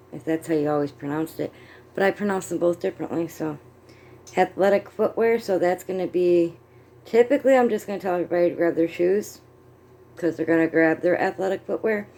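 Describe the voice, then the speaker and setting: A middle-aged American woman with a fairly low, warm voice chats casually on her vlog. She rambles and amuses herself while crocheting and checking her notes.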